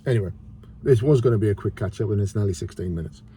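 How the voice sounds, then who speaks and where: Outdoors in a city square, a middle-aged vlogger chats casually to the camera, rambling and eating while he talks. His voice is on the low side, fast and dark-toned, with a little hiss or hum present.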